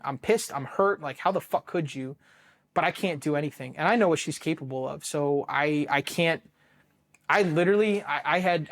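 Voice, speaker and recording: A man's voice: a little high, a bit bright. A man in his thirties from Ohio with an American accent, recounting his own story as an interview guest in a blunt, profane way, with many restarts and lines of quoted dialogue. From Ohio, United States. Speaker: Marine veteran guest.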